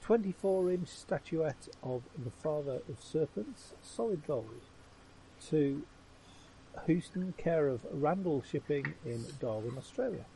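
A man's voice: a little high, animated, measured pace, creaky, mellow, slight background noise, poor audio. A man in a tabletop game reading ledger entries aloud in a plain voice, with uhs and small self-corrections. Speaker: player.

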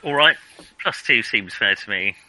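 A man playing in a tabletop role-playing game, deadpan and blunt as he announces his character's actions. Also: on the low side, moderate pace, poor audio. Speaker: player. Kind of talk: casual tabletop game chat.

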